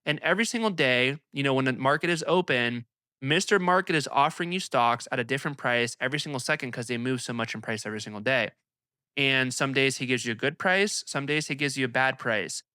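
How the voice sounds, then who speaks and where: A young man hosting an investing video, talking to camera in an energetic, emphatic, conversational way. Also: mid-range voice, a little fast, clear, resonant tone, dry recording, clean studio sound. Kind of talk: casual commentary to camera.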